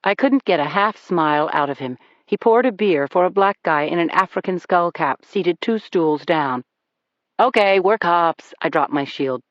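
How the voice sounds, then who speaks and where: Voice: medium pitch, moderate pace, few pauses, dry recording. Dry, dull-sounding audiobook narrator. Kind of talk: scripted first-person thriller narration.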